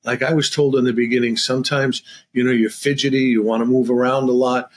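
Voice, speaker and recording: Guy hosting a podcast, kinda husky voice, rambles through his questions with lots of you knows. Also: medium pitch, level tone, brisk. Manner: rambling questions full of fillers. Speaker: podcast host. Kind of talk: conversational podcast interview.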